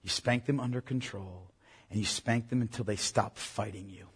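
A pastor preaching a sermon to parents in an earnest, emphatic way. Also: male voice, lowish voice, fairly even intonation, moderate pace, husky. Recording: long hall reverb.

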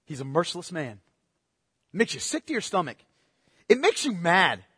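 High-voiced impassioned male preacher. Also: wildly swooping pitch, normal speed, husky, no room sound, clean studio sound, in a large hall. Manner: impassioned, rhetorical questions, swings from loud to hushed. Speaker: pastor. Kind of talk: sermon.

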